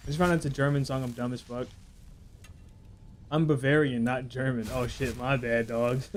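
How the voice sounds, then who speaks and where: A man's voice: mid-range voice, slight background noise. Profane, rambling young male game streamer. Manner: rambling, profane, reads chat aloud and jokes. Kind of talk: casual live gameplay commentary.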